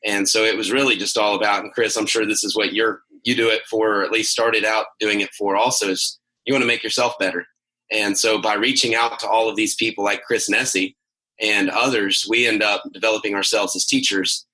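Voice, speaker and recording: A man's voice: on the low side, little pitch movement, fairly quick, bright, forceful tone, low-quality recording. A man who is a teacher speaking in a podcast interview, earnest and a little self-deprecating. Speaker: teacher, podcast co-host guest. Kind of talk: casual interview chat.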